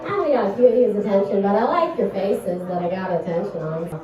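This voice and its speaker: A woman doing a stand-up comedy set, rambling and self-deprecating, with a halting storytelling manner. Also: mid-range voice, lo-fi sound, crowd noise. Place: small comedy club stage. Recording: echoey club heard from a distance.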